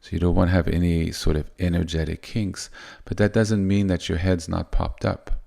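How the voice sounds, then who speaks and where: A man giving soft-spoken, unhurried spiritual teaching, often restarting his sentences. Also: low-pitched, level tone, gravelly.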